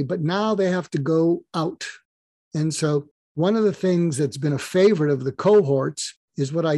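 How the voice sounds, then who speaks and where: Animated man telling teaching stories. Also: a little high, no room sound. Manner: animated storyteller who acts out dialogue. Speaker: podcast guest. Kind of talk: conversational interview, explaining with stories.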